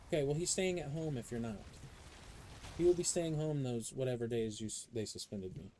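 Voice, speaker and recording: A young man live-streaming a game, talking in a loose, casual way. He swears constantly and gets worked up as he rants through his stories. His voice sits at an ordinary pitch with a mellow, soft-edged tone, over a faint hiss of noise. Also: fairly quick, rough recording. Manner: profane, animated ranting storyteller. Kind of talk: casual chat while gaming.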